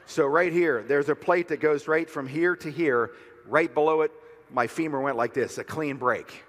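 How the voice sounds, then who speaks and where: A man's voice: a little high, moderate pace, big-room sound. Fiery man giving a rally speech. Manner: fiery, builds to shouting. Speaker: speaker at a rally. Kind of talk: motivational speech.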